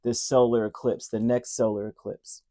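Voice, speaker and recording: A man's voice: mid-range voice, little pitch movement, moderate pace, dark tone. A man giving a tarot reading straight to the listener, earnest and emotional, repeating key words with frequent fillers and restarts. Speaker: tarot reader. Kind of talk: direct-to-camera tarot reading.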